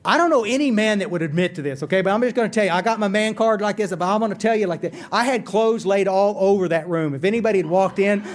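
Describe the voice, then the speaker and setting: A man speaks to a recovery conference in a voice pitched well above most men's. He tells his story in an earnest, self-mocking way. His sentences often stall and start over. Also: fast, hardly any pauses. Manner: earnest, self-deprecating storyteller with frequent restarts. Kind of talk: recovery meeting talk, storytelling. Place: conference hall.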